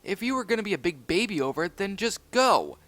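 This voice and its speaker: Smug young pup played by a man, high-pitched and teasing. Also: big pitch swings, normal speed, fairly bright tone, dry recording. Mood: annoyed. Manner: boastful, sarcastic. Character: cocky playful young male pup.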